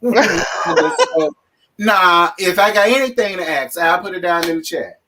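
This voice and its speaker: Blunt, sassy male co-host with a bright, high-set voice. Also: expressive, a little slow, slight background noise. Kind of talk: casual gossip chat.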